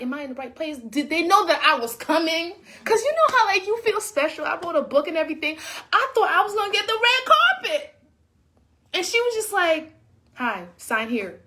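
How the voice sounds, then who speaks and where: A woman's voice: extremely high pitch, fast talker. A woman, an author, telling a casual story to her viewers, acting out what people said and chatting to them directly. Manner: animated, acts out quotes, talks to viewers as y'all. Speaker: author and vlogger.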